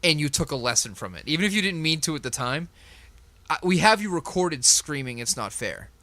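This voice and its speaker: A man's voice: a little high, expressive, brisk, sharp tone, dry recording. A man who runs a tabletop game, chatting with his group in an emphatic, reflective way and laughing often. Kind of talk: casual group chat.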